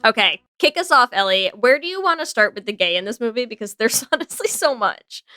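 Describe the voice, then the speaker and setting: A woman co-hosting a podcast, recapping a movie in casual, animated chat, swearing freely and acting out characters' lines. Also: fairly high pitch, brisk. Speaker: podcast co-host.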